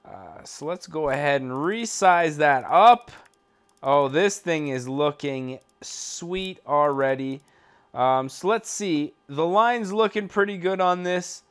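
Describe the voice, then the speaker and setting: A young Canadian man who hosts a gaming channel offers casual, joking gameplay commentary from his home setup. His voice is on the high side, smooth and slow, with lively intonation. He's laid-back and rambling, packing his talk with fillers.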